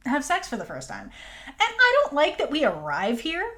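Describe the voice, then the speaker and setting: A woman co-hosting a casual recap chat, animated and acting out character lines. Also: sits high, normal speed. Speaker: podcast co-host.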